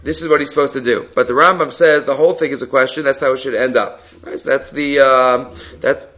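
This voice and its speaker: A man's voice: medium pitch, fairly even intonation, a little fast, sharp tone. Guy giving a talmud class, reads the aramaic then explains it, kinda dull lo-fi sound. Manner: explanatory, mixes Aramaic readings with English. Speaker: Talmud teacher. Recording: slightly dull lo-fi recording.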